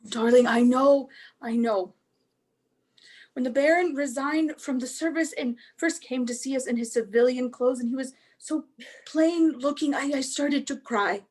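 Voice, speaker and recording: Een vrouw speelt een zachte, troostende oudere zus. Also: female voice, high-pitched, unhurried. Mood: gentle. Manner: soft, soothing, reassuring. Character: older sister, gentle and consoling. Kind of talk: staged play reading.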